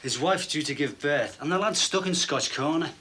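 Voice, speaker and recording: An actor playing a harried, defensive shop steward with a curt manner. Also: male voice, a little high, lively intonation, normal speed, pushed and bright. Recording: TV drama with clear background noise.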